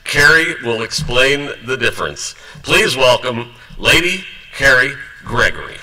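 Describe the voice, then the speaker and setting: A man's voice: medium pitch, lively intonation, measured pace, pushed and bright, recorded from a distance, rough recording. A man introducing a seminar speaker with a light, joking manner. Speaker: event host introducing the speaker. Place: seminar room at a trade show.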